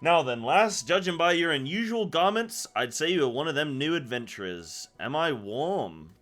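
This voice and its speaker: A man speaks for a talkative merchant met aboard a ship in a game. The delivery is bright and animated. It stays in the reader's natural voice, with no accent put on. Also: on the high side, moderate pace, faint music behind. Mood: friendly. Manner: reading game dialogue aloud in his own voice. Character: chatty male merchant on a ship.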